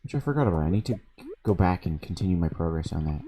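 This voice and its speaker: A low-voiced man chats into his desk mic while he plays, spinning a story and cursing loosely as he goes. His tone is warm and relaxed, and a faint hiss sits under the voice. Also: quick pace. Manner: swears freely, laughs while telling stories. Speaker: streamer. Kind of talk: casual storytelling while gaming. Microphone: desk microphone.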